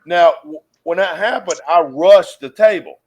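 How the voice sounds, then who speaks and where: A man with a notably high voice tells a long story in loose, casual talk. He swears freely and throws himself into the telling. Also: unhurried. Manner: profane, animated yarn-spinner. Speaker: podcast host.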